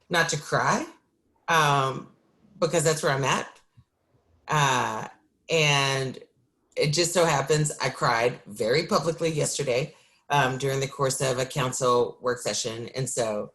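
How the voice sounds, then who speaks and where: A woman city council member speaking on a video call, exhausted and candid, halting with ums and breaking into short laughs as she speaks from the heart. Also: low-pitched.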